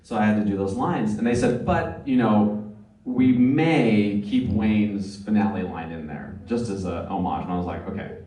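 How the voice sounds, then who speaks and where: Speaking at a moderate pace in a warm, lowish voice, a male voice actor recounts earnest, nostalgic anecdotes at a live convention panel, using many fillers along the way. He's recorded from far off in an echoey room.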